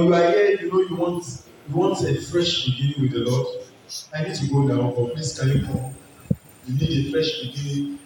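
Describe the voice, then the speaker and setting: A man preaching an altar call, pleading and repeating his exhortations to pray and surrender. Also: fairly high pitch. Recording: very echoey hall, distant mic, noisy.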